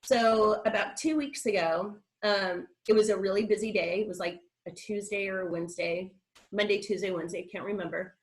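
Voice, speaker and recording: Middle-aged woman, video call, chatty, rambling, mid pitch. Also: steady tone, moderate pace, rough recording. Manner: chatty, rambling, with laughs and restarts. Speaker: guest speaker. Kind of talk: casual personal account on a video call.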